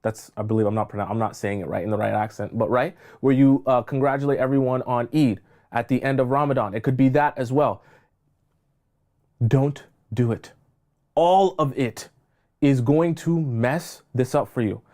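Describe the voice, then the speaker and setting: Male dating coach, mid-range voice, forceful and repetitive, live-stream advice. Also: mid-range voice, moderate pace. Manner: emphatic, repeats phrases for stress, scolding.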